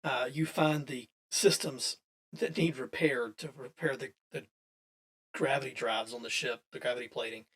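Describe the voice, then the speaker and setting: A man's voice: mid-range voice, fairly even intonation, normal speed, fairly bright tone. A man running a tabletop role-playing session as game master, narrating in a loose, chatty way with frequent restarts and laughs.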